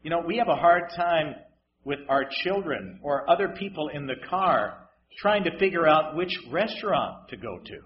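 A man preaching a sermon in a dramatic way, moving between loud emphasis and hushed asides with wry humor. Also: on the high side, lively intonation, normal speed, lo-fi sound, a little hiss or hum.

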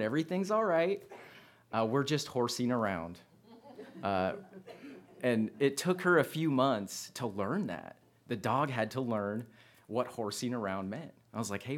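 A man's voice: medium pitch, fairly bright tone. A man delivering a sermon, telling a personal story in a conversational way and often repeating his phrases. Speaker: preacher.

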